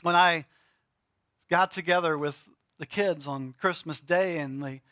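A middle-aged pastor delivers a sermon, building to emphatic swells and then dropping into dramatic pauses. His voice is bright and forceful, sitting a little high for a man. The sound is dry, with almost no room echo.

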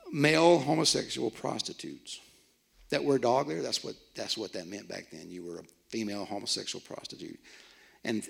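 A man's voice: vocal fry, a bit bright. A man preaching a sermon, reading scripture and joking in asides, his voice rising and dropping sharply. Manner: preaching with big swings in pitch and volume, joking asides. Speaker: pastor.

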